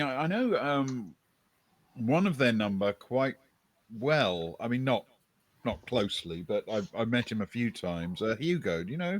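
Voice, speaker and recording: A man questions a character in a role-play game, hesitant and polite with frequent restarts. His pitch moves a lot across his sentences. It sits in a middle register. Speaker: player. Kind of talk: role-play investigation chat.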